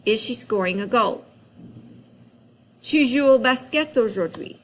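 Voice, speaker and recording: A woman teaching a French grammar lesson, explaining slowly and patiently in a classroom-style recording. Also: a little high, expressive.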